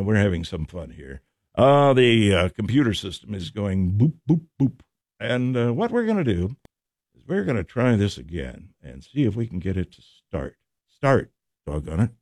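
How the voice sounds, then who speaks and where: A male radio host talks in a jokey, rambling way, his pitch bouncing up and down. He is recorded close and dry on a studio microphone. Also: darkish tone, dry recording. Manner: jokey, rambling, talks to himself while fumbling equipment. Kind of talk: casual radio chat.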